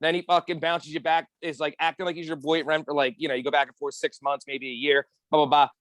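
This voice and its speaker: A man with a high voice chats casually and profanely as a podcast co-host, talking quickly like an animated storyteller who acts out the quotes he repeats. The recording is dry.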